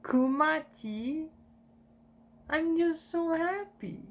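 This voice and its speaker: A man voicing a dying young woman, speaking softly and pleadingly. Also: very high voice, extremely slow, pitched above the performer's own voice, heavily acted. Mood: tender.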